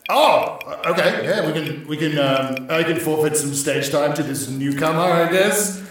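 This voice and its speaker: Man, improv host, high lively voice, echoey room, faint hiss. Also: normal speed. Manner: brash, laughing, showy. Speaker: comedy host in character. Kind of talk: improv comedy.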